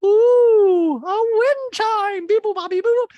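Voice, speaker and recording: A man putting on a mocking impression of a gushing, over-the-top rich woman in a shrill, breathless falsetto. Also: slow, dry recording, muffled recording.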